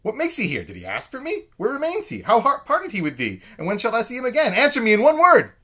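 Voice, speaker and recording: A man voicing a giddy young woman in love, firing off rapid breathless questions. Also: very high-pitched, huge pitch swings, pushed and bright, pitched above the performer's own voice, full character voice. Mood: frantic.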